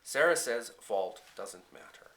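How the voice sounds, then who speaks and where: A man reading the lines of a hurt, proud grown farmer father in a storybook audiobook, soft and low. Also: expressive, unhurried, poor audio. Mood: aching, soft.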